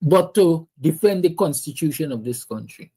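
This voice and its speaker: A man's voice: a little high, expressive, moderate pace, mellow, husky. Impassioned Guyanese man preaching politics. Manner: impassioned, preachy, answering viewer comments. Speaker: livestream host. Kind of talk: political commentary livestream.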